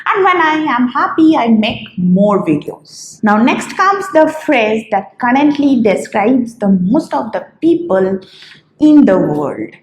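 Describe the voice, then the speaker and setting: A woman hosting an English vocabulary lesson, listing words one by one in a slow, deliberate way. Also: fairly high pitch, sing-song, a little mellow, roomy sound, a little hiss or hum, low-quality recording. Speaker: English teacher, channel host.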